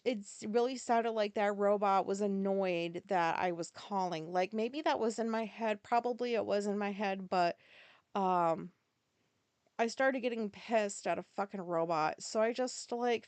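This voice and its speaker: A woman's voice: medium pitch, clean tone, dry recording. A woman hosting a podcast, telling a story in a casual, rambling way, swearing freely and correcting herself as she goes. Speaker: podcast host.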